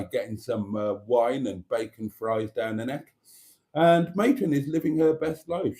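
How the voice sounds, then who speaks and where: A man's voice: mid-range voice, warm tone. Camp British man hosting a stream. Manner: camp, theatrical, teasing, calls viewers darlings. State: stuffy nose. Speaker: live stream host. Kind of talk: casual live stream chat.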